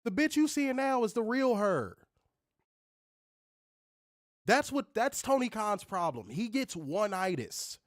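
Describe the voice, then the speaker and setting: A man hosting a podcast, ranting in an animated, profane, casual way. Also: sits high, normal speed, no echo, clean studio sound. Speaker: podcast host. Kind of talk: casual chat.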